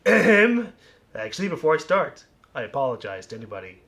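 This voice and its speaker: A YouTuber casually reading fan mail aloud, soft-spoken and musing, often trailing off quietly. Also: male voice, medium pitch, big pitch swings, fast.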